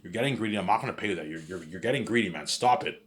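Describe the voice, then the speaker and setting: A man's voice: deep voice, animated, very fast, a bit bright. A man rambling in a casual monologue, repetitive and boastful. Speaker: monologue host.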